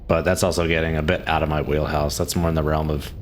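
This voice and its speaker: A man's voice: rumbling low, little pitch movement, fast talker, a little hiss or hum. A man streaming a game, chatting casually and answering chat questions, with frequent chuckles. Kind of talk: casual live-stream commentary.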